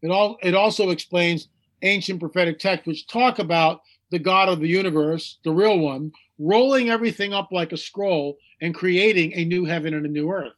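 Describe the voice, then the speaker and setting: Emphatic high-voiced man. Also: moderate pace, a bit bright. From United States. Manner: emphatic, repeats phrases for effect; acts out mocking quoted voices. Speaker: guest speaker on UFOs. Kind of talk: animated interview talk.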